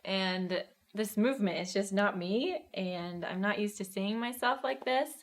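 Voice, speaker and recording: A woman's voice: medium pitch, a little slow, a little hiss or hum. A woman style expert in a casual group chat, speaking frankly about her reactions.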